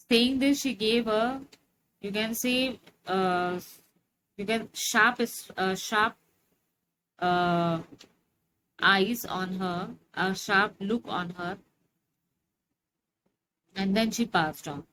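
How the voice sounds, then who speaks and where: A woman teacher talks through a story line by line at an unhurried pace, pausing on fillers as she explains. Her voice sits at a middle pitch. A steady noisy hiss runs under the recording. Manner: slow, explanatory, frequent fillers. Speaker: English teacher.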